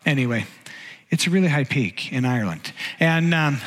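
A middle-aged man preaches a message in a casual, storytelling way, his voice sitting a little high for a man. He often stumbles and restarts mid-sentence. His words ring with the long reverb of a big hall. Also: normal speed. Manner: conversational, animated storytelling with frequent restarts. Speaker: pastor giving a message. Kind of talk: sermon storytelling.

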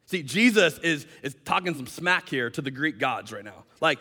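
A male pastor preaching with a high, bright voice, animated and quick to act out the people in his story. His voice carries the long reverb of a large hall. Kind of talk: sermon. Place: church hall.

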